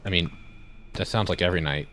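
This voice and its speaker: A man's voice: sits low, fast talker, a bit bright, slight background noise. A man streaming a game in casual chat, talking with a slight lisp and some trouble with consonants, rambling and self-deprecating. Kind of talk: casual chat while gaming.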